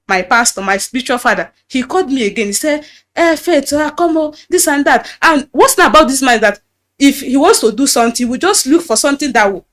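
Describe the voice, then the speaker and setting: A woman's voice: on the high side, fairly bright tone. A young Nigerian woman with a Nigerian accent telling her personal story, quoting other people's words and acting out a man's lines in a raised voice. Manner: recounts dialogue, acts out the pastor's lines in a raised voice. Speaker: testimony giver. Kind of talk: emotional personal testimony.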